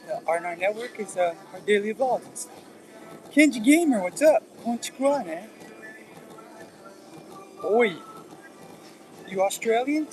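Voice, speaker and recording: High-voiced man chatting on a livestream. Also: low-quality recording. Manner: rambling, easygoing, talks while exercising on an elliptical. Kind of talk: casual livestream chat with viewers. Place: indoors at an exercise machine.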